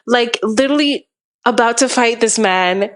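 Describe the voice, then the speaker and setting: A woman's voice: a little high, normal speed. A young woman from Canada, a podcast guest, telling a long story in a rambling, casual way, full of "like" and acted-out quotes. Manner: rambling, heavy use of "like", acts out quotes.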